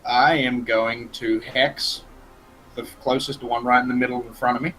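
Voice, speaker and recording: A man playing a tabletop game, lively and casually swearing. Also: mid-range voice, normal speed, faint music behind, low-quality recording. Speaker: player.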